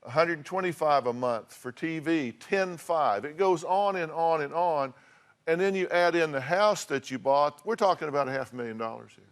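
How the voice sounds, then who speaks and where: Fairly high-pitched and moving at a moderate pace, this older Southern American man runs a talk show where he gives confrontational advice. He's blunt, scolds the guests, and reads aloud the costs.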